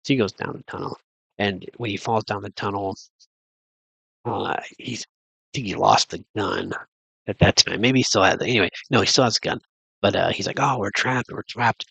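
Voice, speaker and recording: A man's voice: on the low side, brisk, vocal fry, long pauses, fairly bright tone, breathy edge, dry recording, rough recording. A man recapping a movie in a casual, rambling way, full of fillers and restarts. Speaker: movie reviewer. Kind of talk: casual spoken film recap.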